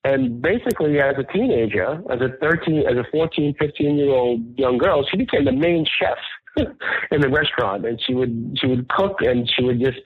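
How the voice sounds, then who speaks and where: A New man with a husky, slightly breathy voice tells stories as an interview guest, earnest and animated. He comes through a tinny, phone-like line with a dry, close sound. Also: mid-range voice, moderate pace, no echo. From New York, the Bronx. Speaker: restaurant owner, guest. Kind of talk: casual interview storytelling.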